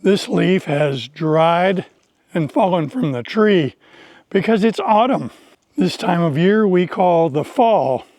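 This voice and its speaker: Slow, careful man teaching outdoors. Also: fairly high pitch, a little mellow, no echo, clean studio sound. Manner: slow, deliberate, carefully explained speech. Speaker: English teacher. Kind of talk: slow, clear teaching narration on a hike. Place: outdoors on a forest trail.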